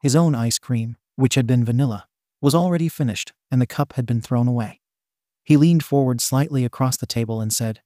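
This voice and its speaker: A man reads a story aloud in a steady, even narration at a middle pitch. The sound is close and completely dry. His delivery is plain and unhurried. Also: no echo. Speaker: fan fiction reader.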